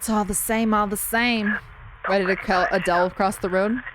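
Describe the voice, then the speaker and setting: A woman's voice: medium pitch, steady tone, moderate pace, noisy background. A woman streaming a game, chatting with her viewers as she plays and reading in-game notes aloud. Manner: chatty, talks to viewers while playing. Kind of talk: casual gameplay commentary.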